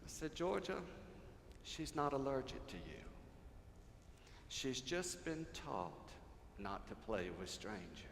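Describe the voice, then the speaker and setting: An older man preaching a sermon as pastor, telling stories and swinging from loud to hushed. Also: mid-range voice, sing-song, slow pace, gravelly, pauses often, a little hiss or hum. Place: large church sanctuary. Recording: echoey hall, faint ambience.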